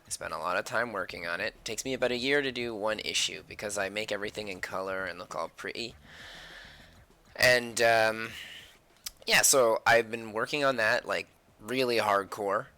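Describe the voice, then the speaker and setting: Creaky, bright-voiced man chatting while drawing. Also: on the low side, moderate pace. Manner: chatty, mutters and whispers to himself while sketching. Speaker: artist live-streaming his drawing. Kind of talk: casual live-stream chat while drawing. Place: at home.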